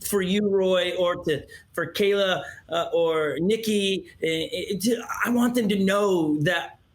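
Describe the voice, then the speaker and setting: High-voiced, animated man interviewing. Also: slow pace. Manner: animated storyteller, acts out quotes, restarts often. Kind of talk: candid interview conversation.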